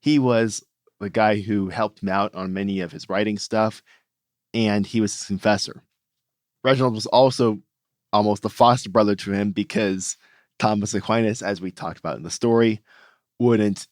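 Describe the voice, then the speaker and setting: A man's voice: lowish voice, steady tone, normal speed, dry recording, studio quality. A man co-hosting a podcast, chatting in a light, friendly way and reading out listener mail. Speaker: podcast co-host. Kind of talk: casual podcast chat.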